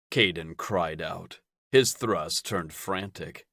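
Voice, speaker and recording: A male narrator reads a romance audiobook in a very deep voice. His storytelling is steady and unhurried, and the recording is close and dry. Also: no room sound.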